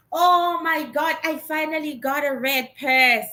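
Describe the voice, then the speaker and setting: A woman in her thirties from Africa, chatting excitedly while unboxing gifts in a casual vlog. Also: high voice, measured pace, few pauses. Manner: excitable, exclaims often, chatty. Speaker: vlogger.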